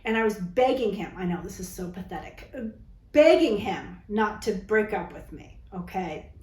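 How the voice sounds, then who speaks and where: A woman's voice: mid-range voice, lively intonation, moderate pace, darkish tone, reverberant, poor audio. A woman vlogger telling a personal story to camera in a candid, dramatic, chatty way, often tagging her lines with "okay?". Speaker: vlogger telling dating stories.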